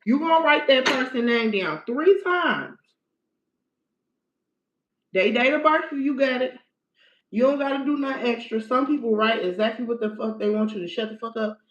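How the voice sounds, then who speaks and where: A woman's voice: a little high, moderate pace, pauses often. A woman giving blunt, profane, emphatic how-to instructions in a casual livestream. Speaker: spiritual practitioner. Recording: echoey room, dull lo-fi sound.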